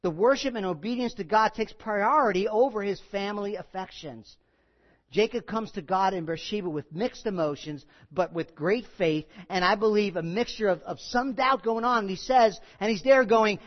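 Man, pastor, high-pitched, emphatic sermon, hushed to loud, conversational, dull lo-fi sound. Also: moderate pace. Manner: conversational, asks the congregation questions.

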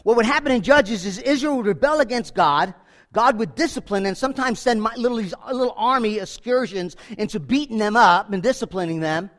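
Animated male preacher with a high voice, casual sermon delivery, acts out bits of dialogue. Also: a little fast. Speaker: pastor.

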